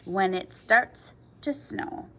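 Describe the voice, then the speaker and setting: A woman's voice: medium pitch, takes it slowly. A woman voicing a small frog diving into the mud in a rhyming picture book, in a sing-song delivery. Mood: playful. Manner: sing-song rhyming delivery, louder than her narration.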